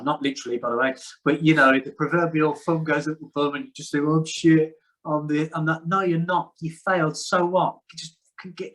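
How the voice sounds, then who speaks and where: A man's voice: on the high side, fairly bright tone, poor audio. A middle-aged man in casual conversation as a podcast guest, talking candidly with frequent restarts, speaking outdoors. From United Kingdom. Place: outdoors in the sun.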